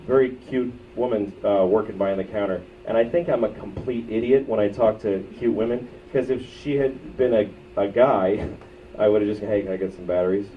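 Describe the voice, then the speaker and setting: Crude self-mocking comedian on a muffled bootleg. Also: male voice, fairly low pitch, normal speed. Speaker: stand-up comedian. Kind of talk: stand-up comedy set. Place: comedy club stage. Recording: muffled bootleg audio from far off, with crowd and noise. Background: audience laughter.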